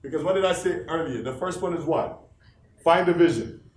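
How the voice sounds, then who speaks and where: A man with a high voice gives a motivational speech in an echoey meeting room. He keeps firing rhetorical questions at the crowd and repeats key lines for emphasis. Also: brisk. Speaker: office leader giving a motivational talk.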